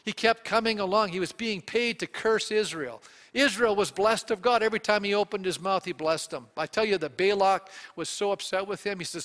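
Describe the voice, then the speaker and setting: Man, pastor, sermon, high-pitched, animated, questions to the congregation, long hall reverb. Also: normal speed.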